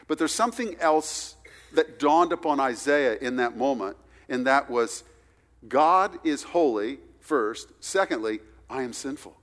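A man preaching a sermon, swinging between loud, stressed points and hushed, quiet asides. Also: a little high. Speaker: pastor. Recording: reverberant hall recording.

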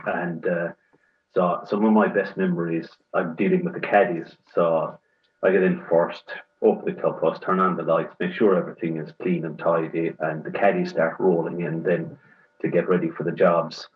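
A man's voice: deep voice, flat delivery, moderate pace. An Irish man who works at a golf club, recalling his days in an easygoing way and trailing off mid-thought. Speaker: golf club staff, panel guest. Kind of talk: casual recollection. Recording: dull muffled sound.

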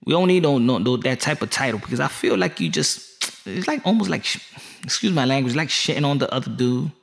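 A man's voice: mid-range voice, expressive, a little fast, vocal fry. A man ranting casually as a boxing vlogger, rambling and joking with plenty of swearing. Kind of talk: casual rant.

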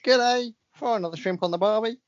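A man's voice: high-pitched, a little fast, no room sound, pitched above the performer's own voice, lightly acted. A raised, jokey put-on of a famous Australian woman singer, done by a man whose accent keeps slipping. The sound is dry and a little dull, close on a podcast mic. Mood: cheeky.

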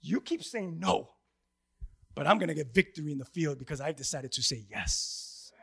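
A pastor preaching to his congregation, swinging between loud emphatic lines and hushed passages. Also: fairly high pitch, animated, normal speed, vocal fry, slightly rough. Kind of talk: sermon.

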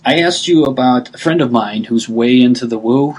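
A man's voice: mid-range voice, moderate pace, slightly rough, rough recording. A man hosting a radio interview, asking long rambling questions in an eager, enthusiastic way and laughing easily. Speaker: radio show host, interviewer. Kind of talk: casual interview.

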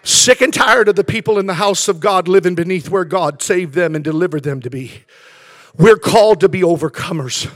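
A male pastor preaching a fervent sermon in church, swinging between shouted declarations and hushed, intense passages. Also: high-pitched, normal speed, no room sound.

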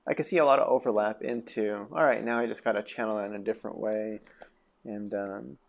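A man's voice: fairly low pitch, fairly even intonation, fairly quick, creaky. A man hosting a podcast interview, asking long questions with several parts. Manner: asks long multi-part questions. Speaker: podcast host. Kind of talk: casual interview conversation.

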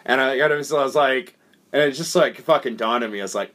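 A podcast co-host with a medium-pitched voice talks fast as he tells a long story, casually and with lots of profanity. He's animated and acts out the voices of the people involved.

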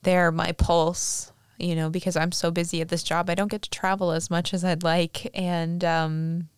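A woman's voice: lowish voice, level tone, normal speed, clean tone, no room sound, clean studio sound. A young adult woman hosting a podcast, chatting casually and rambling with lots of fillers. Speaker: podcast host. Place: Fresno, California.

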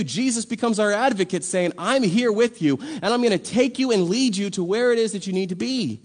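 High-voiced man preaching a sermon. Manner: conversational, emphatic preaching with rhetorical questions. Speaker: pastor.

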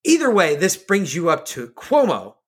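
A man's voice: high-pitched, wildly swooping pitch, moderate pace, husky. A man co-hosting a casual political podcast, ranting with lots of profanity. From Georgia, USA. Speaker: podcast co-host.

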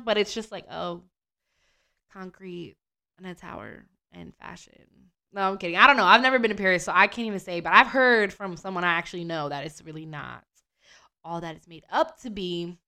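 Young american girl doing a podcast, super casual, says bro a lot, bright clear voice. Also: medium pitch. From United States. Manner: slangy and animated, lots of "bro" and "like". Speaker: podcast host. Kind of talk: casual chat.

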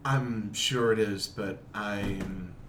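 A man's voice: on the low side, fairly even intonation, drawn-out words, fairly bright tone, reverberant, distant mic, a little hiss or hum. A man playing a solemn holy man who drinks only water and gives stiff, formal blessings.

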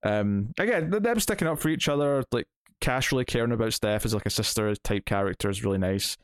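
A man's voice: mid-range voice, animated, a little fast, dry recording, clean studio sound. A man in his thirties chatting casually about a comic issue, rambling with many restarts and fillers. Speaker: comic book podcast host. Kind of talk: casual chat reviewing a comic.

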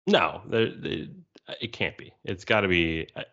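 A man's voice: sits low, a little slow, a bit bright. A man co-hosting a casual fan podcast, musing aloud and firing off one speculative question after another. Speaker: podcast co-host. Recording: dull lo-fi sound.

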